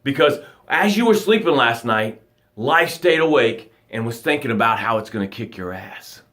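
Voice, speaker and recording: A man giving a motivational talk to his viewers as a coach, swinging from loud urging to soft, hushed guidance. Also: mid-range voice, lively intonation, normal speed. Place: home livestream. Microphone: phone or webcam, live broadcast.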